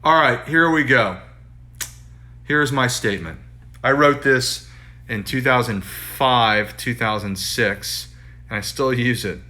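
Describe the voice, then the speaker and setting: A painter goes live from his studio on a phone, chatting informally and reading his own writing, with lots of restarts and repeated phrases. He has a fairly low, pushed and bright voice, and the setting is indoors.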